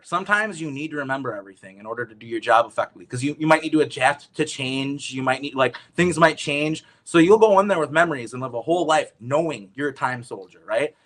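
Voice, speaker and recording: A man talking as an interview guest, telling a story in an animated, rambling way with lots of swearing. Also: on the high side. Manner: animated, profane, rambling with restarts.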